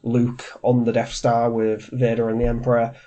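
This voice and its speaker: A man with a blocked, congested voice hosts a casual film-review podcast. His tone is dark and mellow, and he talks hesitantly, restarting his sentences with plenty of fillers. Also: mid-range voice, monotone, moderate pace, low-quality recording. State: stuffy and congested from a cold. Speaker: podcast host.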